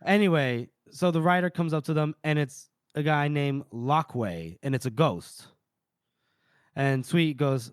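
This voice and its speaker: On a casual book podcast, a male co-host retells a chapter's scenes, briefly voicing the characters' lines along the way. His voice is medium-pitched and measured, captured in clean studio sound with no room noise.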